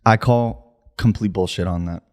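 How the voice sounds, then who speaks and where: A man's voice: low-pitched, a little slow, a little mellow. Swearing ranting male podcast co-host. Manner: playful, ranting, swears, tries accents. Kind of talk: casual comedic chat.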